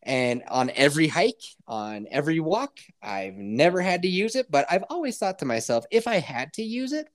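A man's voice: fairly high pitch, moderate pace, few pauses. Podcast guy telling a wild story, swears a ton, voice bouncing all over the place. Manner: animated, profane, acts out others' reactions. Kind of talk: casual comic storytelling.

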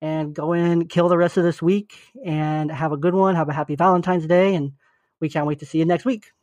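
A man's voice: fairly high pitch, level tone, fairly quick, darkish tone, no room sound. A young man co-hosting a podcast, down with the flu, talking in an earnest, encouraging and loose way. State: sick with flu. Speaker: podcast co-host. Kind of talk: casual podcast chat.

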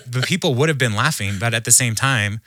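Animated, laughing man, bright tone. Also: mid-range voice, a little fast, a little hiss or hum. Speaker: podcast guest, humor researcher. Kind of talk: conversational storytelling.

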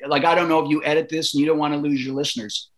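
A middle-aged Canadian man telling a long story in a casual interview, animated and profane, acting out the voices of the people in it. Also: on the high side, very fast. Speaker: guest.

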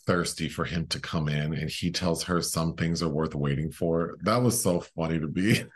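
A man's voice: extremely low pitch, normal speed. A man co-hosting a podcast, chatting casually about a film, joking and laughing often with lots of fillers. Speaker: podcast co-host.

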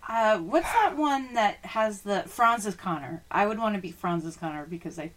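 A woman's voice: medium pitch, animated, normal speed. A woman hosting a casual sports podcast, chatty, laughing easily and reading out listener questions. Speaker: podcast host.

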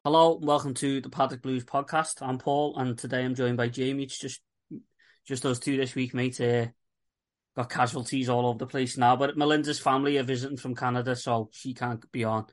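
Scouse bloke hosting a footy pod, blunt and chatty, swears a fair bit, mid-pitch voice. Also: male voice, level tone, fairly quick. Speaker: podcast host. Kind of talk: casual football chat.

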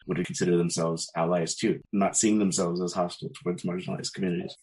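Brief: very low-voiced man, panel guest, measured and blunt storytelling. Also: little pitch movement, a little mellow, poor audio. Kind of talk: casual storytelling in a panel discussion.

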